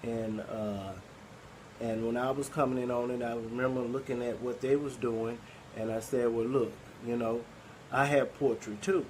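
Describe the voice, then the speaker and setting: A man's voice: medium pitch, steady tone, normal speed, slight background noise, poor audio. A man with a Southern Arkansas accent hosting a poetry group, talking casually and rambling with many fillers and restarts. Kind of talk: casual live-stream talk.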